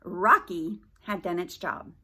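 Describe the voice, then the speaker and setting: A woman reading a children's novel aloud as a library storyteller, with animated, chatty asides to young listeners. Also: fairly low pitch, takes it slowly, breathy edge.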